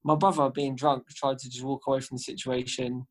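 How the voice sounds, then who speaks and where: A man's voice: medium pitch, flat delivery, brisk. A young man, co-hosting a podcast and telling a long family story in casual, slangy, profane chat. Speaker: podcast co-host.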